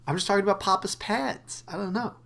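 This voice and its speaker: A man's voice: sits high, quick pace, gravelly, bright, forceful tone. A young man co-hosting a podcast, rambling casually and laughing easily, a little wheezy. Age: young adult. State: wheezy from asthma. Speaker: podcast co-host. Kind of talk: casual chat.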